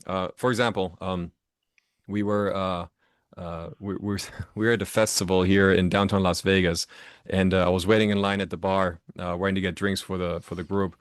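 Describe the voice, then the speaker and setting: A man with a fairly low voice being interviewed about his writing. He tells stories animatedly, restarting phrases often and acting out what people said. The sound is dry and close to the mic. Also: moderate pace, smooth, no echo. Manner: animated storyteller who acts out quotes with many restarts. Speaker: author guest. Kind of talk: casual storytelling interview. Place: Las Vegas.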